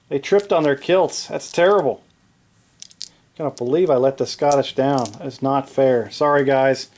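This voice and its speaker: A man narrating his own tabletop wargame in a casual play-by-play, excitable, joking and swearing at his dice rolls, recorded in a home basement. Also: medium pitch, normal speed, long pauses. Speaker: wargaming hobbyist narrating a battle report.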